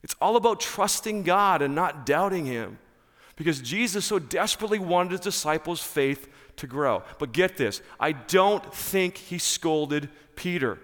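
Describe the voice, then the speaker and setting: A male pastor preaching a sermon in church, emphatic and animated, repeating key phrases. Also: on the high side, big-room sound.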